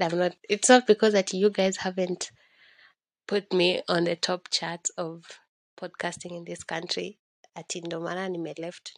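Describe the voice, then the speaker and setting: A woman's voice: medium pitch, creaky, dry recording, studio quality. A woman with a Kenyan accent, hosting a candid solo podcast, rambling emotionally and mixing Swahili slang into English. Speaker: podcast host.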